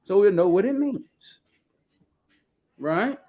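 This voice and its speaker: Speaking slowly with a warm tone and lively intonation, a high-voiced male host delivers casual live commentary. He's blunt and swears freely, drifting off topic while reading screen numbers and definitions aloud.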